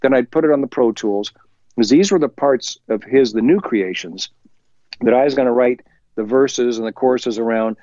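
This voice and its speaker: Man spinning a lively studio anecdote. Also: mid-range voice, dry recording, highs cut off. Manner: lively, acts out quoted voices, chuckles while telling; talks faster when excited. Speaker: musician guest. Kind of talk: anecdotal storytelling in an interview. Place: home recording studio.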